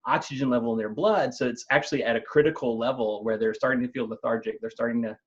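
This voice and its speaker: A man, a company's technical chief, explaining new gadgets in a relaxed conversational way, with frequent fillers and restarts. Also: medium pitch, fast, highs cut off. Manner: thoughtful, many fillers and restarts. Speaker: company CTO explaining tech news.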